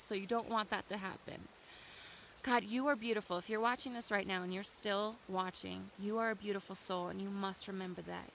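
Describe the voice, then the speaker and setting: Her medium-pitched voice has a gravelly texture, with a faint hiss or hum in the recording. A vlogger outside in nature, she speaks freely and sincerely to the camera, now and then rising into emphatic outbursts.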